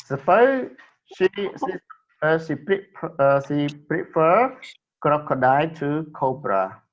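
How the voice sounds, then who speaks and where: Guy teaching english, slow and halting, keeps repeating words, muffled lo-fi audio. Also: fairly high pitch, sing-song. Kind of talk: classroom English lesson. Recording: dull lo-fi recording.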